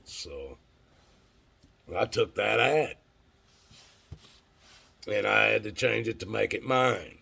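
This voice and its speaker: A man's voice: lowish voice, expressive, slow, vocal fry, long pauses, bright, forceful tone, slightly rough. A middle-aged man telling a rambling, profane story in a casual way, acting out the voices of people he quotes.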